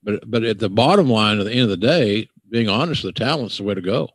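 A man's voice: lowish voice, expressive, brisk, husky, dry recording. An older man with a Southern accent, hosting a podcast and ranting bluntly with profanity. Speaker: podcast host. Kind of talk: casual podcast chat.

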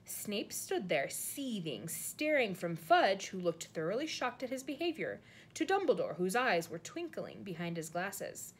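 A woman reading a storybook aloud in an expressive narrating voice. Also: mid-range voice, a little slow, breathy edge. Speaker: audiobook reader.

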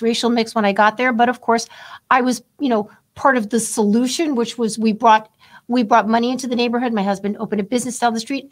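Chatty woman telling stories, slightly high voice. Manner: chatty, storytelling, frequent fillers and restarts. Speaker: podcast co-host. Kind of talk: casual conversational chat.

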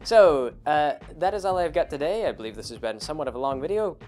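A man's voice: on the high side, lively intonation, quick pace, darkish tone. A young man, host of his own show, casually and ramblingly retelling a tabletop game session with frequent restarts. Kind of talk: casual storytelling.

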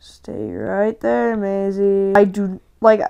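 A woman hosting a gaming channel and giving live, excitable commentary while she plays, often ranting and shouting in frustration. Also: mid-range voice, slow pace, vocal fry, clear, resonant tone, lo-fi sound.

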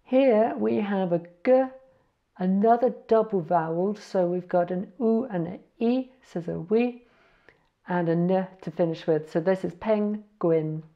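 She's a language learner passing along foreign words, talking casually and spelling each slowly while catching her own slips. Her mid-range voice comes through a muffled recording.

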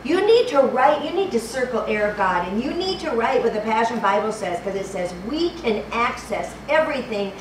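With lively intonation and hardly any pauses, this woman preacher speaks at normal speed in a slightly high voice. Her fervent sermon repeats phrases as she fumbles for the right verse, heard via a distant mic in an echoey church hall with background noise.

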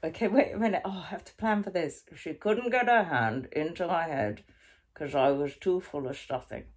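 A woman's voice: on the low side, normal speed, darkish tone, close to an everyday voice. A woman doing ventriloquism, voicing a crude, cheeky male monkey puppet who sulks and swears. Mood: storytelling. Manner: foul-mouthed, sulky, needling.

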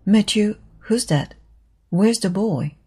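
A woman voicing a brisk, cross but kindly older farm woman, in a low husky voice. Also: dark tone. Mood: stern. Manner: brisk and cross, with a kind side.

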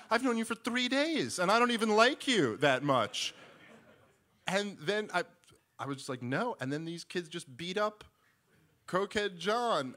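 A man telling a long comic story on stage, rambling and acting out the voices of the people in it. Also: medium pitch. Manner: rambling, animated, acts out voices. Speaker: stand-up comedian. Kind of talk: stand-up storytelling. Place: live event stage.

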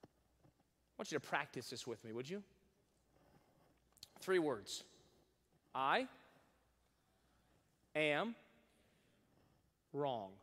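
A male pastor giving a lively sermon, reading scripture with emphasis and leading the congregation to repeat phrases aloud. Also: medium pitch, takes it slowly, pauses often, husky. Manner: reads scripture in old-fashioned wording with rising emphasis. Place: large church sanctuary. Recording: long hall reverb.

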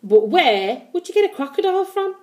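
A woman's voice: a little high, animated, normal speed, darkish tone, lightly acted. A woman voicing a large, sarcastic, cigar-smoking pub landlady who scolds her husband. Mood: scolding.

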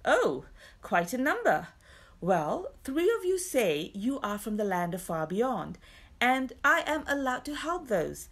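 A woman voicing an honest man who guides lost travellers across a marsh by lantern, speaking calmly and firmly. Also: fairly high pitch, measured pace, pitched above the performer's own voice, full character voice. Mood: steady.

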